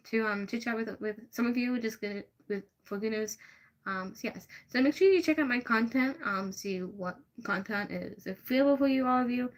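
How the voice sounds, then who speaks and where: Rambling young woman hosting a livestream. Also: on the high side. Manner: rambling, hesitant, many fillers and restarts. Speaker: livestream host. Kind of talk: casual livestream chat answering viewers.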